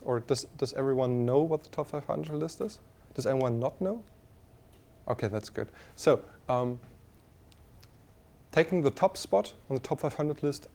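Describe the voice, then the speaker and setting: A man with a German accent giving a university lecture, halting with many fillers and restarts, often asking the class questions. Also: mid-range voice, creaky, warm tone.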